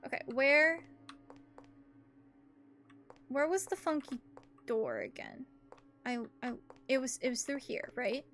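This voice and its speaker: High-pitched young woman, chatty and bubbly, streaming a game, faint music underneath. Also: expressive, slow, long pauses, fairly bright tone. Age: young adult. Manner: chatty, bubbly, talks to chat while playing. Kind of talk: casual game commentary.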